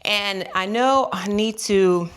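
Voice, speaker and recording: A woman's voice: medium pitch, takes it slowly, clear, resonant tone. Chatty young woman vlogging at home. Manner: chatty and playful, chewing gum. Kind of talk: casual chat to camera.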